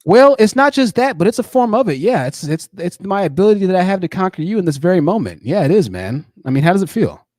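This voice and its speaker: Mocking, higher-pitched man host. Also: big pitch swings, quick pace, few pauses, darkish tone, no echo, studio quality. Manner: mocking, pressing, repeats words. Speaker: channel host. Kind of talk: live-stream call-in debate.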